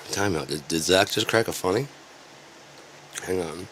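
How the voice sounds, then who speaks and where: A man's voice: sits low, sharp tone, a little hiss or hum. A man ranting in a sarcastic, rambling and profane way, as an online commentator.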